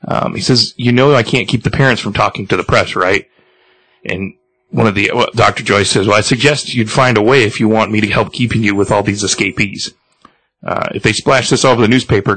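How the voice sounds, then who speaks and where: Low-voiced man retelling a comic. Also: a bit bright, no echo, low-quality recording. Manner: halting, many ums and restarts. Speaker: podcast host reading a comic aloud. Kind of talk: casual retelling of a comic book.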